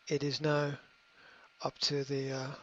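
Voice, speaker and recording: A middle-aged man hosting a podcast, giving a motivational monologue in a halting way, repeating words and filling pauses with ums. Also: medium pitch, completely flat delivery, a bit bright. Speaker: podcast host. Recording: slightly dull lo-fi audio.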